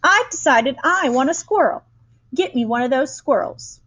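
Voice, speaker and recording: A woman voicing a spoiled, demanding little rich girl who shouts for what she wants, reading a storybook aloud. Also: expressive, normal speed. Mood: whining demand. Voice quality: shrill and demanding.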